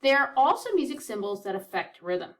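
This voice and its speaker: A woman's voice: high-pitched, big pitch swings, fairly quick, a bit bright, far from the mic. A woman teaching a children's music lesson, counting beats aloud in an upbeat, encouraging way.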